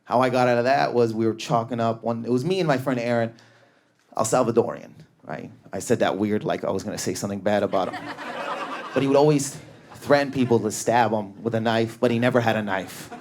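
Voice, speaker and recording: A male stand-up comedian performing with raging energy on a club stage, often yelling and shooting up in pitch. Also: a little fast.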